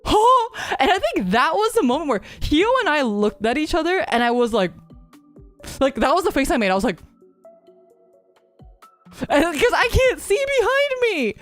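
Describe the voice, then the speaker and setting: A woman streamer telling a story in casual chat, animated and rambling, full of "like" and restarts. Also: sits high, normal speed, long pauses, faint music behind.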